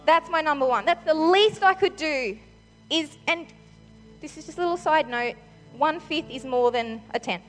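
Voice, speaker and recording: A woman speaking at church with a microphone, giving an excitable, chatty sermon full of "like" and "you know". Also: sits high, normal speed. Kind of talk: enthusiastic conversational sermon. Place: large church hall with reverb. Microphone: handheld microphone. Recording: long church-hall reverb, faint music.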